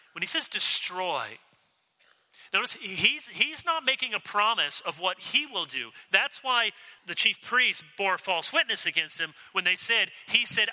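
A man's voice: high voice, bright, forceful tone. A man preaching an earnest, emphatic sermon as pastor, asking the congregation direct questions. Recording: long hall reverb.

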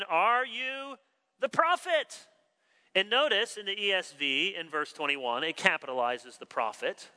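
A man preaching a sermon as pastor, animated with wry asides and slowing down for emphasis. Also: fairly high pitch, in a large hall.

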